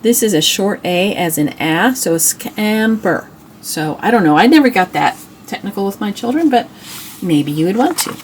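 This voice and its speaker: A woman's voice: medium pitch, expressive, normal speed, a little hiss or hum. A middle-aged woman hosting a homeschool channel, chatting casually and admiringly as she shows old reading books, with restarts and asides. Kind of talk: casual show-and-tell book review.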